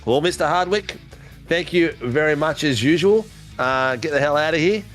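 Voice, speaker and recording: A man's voice: on the high side, moderate pace, fairly bright tone. Australian man, race broadcast host, matey banter, light music underneath. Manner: jokey, laughing, matey banter. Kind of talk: post-race interviews.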